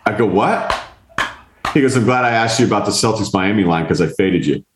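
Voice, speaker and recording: A man's voice: on the low side, fairly quick, roomy sound, noisy background. A man hosting a podcast, telling a long story in casual chat, acting out the people in it and swearing freely. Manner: animated, mimics others in quotes, swears. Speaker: podcast host.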